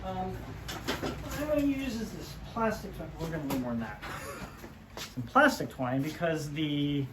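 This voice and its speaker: Animated and medium-pitched, this DIY host speaks at a moderate pace as they build, joking and chatting casually. They think aloud through the work, and the workshop recording is noisy.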